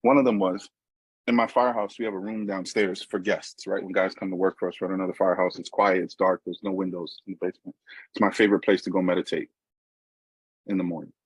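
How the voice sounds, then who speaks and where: A middle-aged New Yorker with a strong local accent gives a personal recovery talk, telling his story conversationally with frequent asides to listeners. His deep, husky voice moves fast in a steady tone, and the dry recording has poor audio quality.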